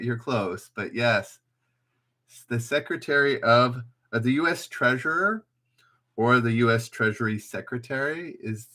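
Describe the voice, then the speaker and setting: Casual man hosting a live trivia stream; bright voice, rambling, talks to his viewers. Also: mid-range voice. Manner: rambling, thinks aloud, chatty with viewers. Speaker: trivia livestream host. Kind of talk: casual livestream chat.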